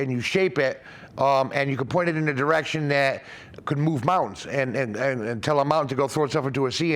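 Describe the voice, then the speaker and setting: A man hosts an explanatory talk on religious ideas, his voice sitting on the high side and a bit bright. He is earnest but rambles, restarting his sentences again and again.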